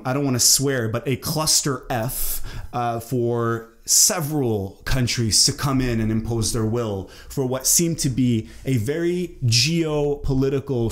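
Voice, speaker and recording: Hesitant Lebanese man reacting. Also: mid-range voice. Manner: hesitant, many ums and restarts. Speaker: reaction video host. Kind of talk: casual reaction commentary.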